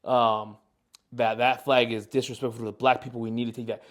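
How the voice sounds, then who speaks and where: A man's voice: mid-range voice, flat delivery, fairly quick. A young man in his twenties, co-hosting a podcast and telling a long rambling story with lots of fillers. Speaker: podcast co-host. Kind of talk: casual chat, storytelling.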